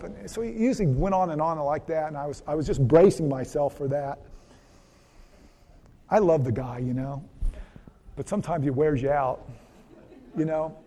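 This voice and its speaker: A man's voice: on the high side, moderate pace, long pauses, warm tone. A man, a physician, giving a folksy health seminar to a church audience, telling stories and asking the crowd questions. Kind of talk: conversational seminar talk with storytelling. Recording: long hall reverb.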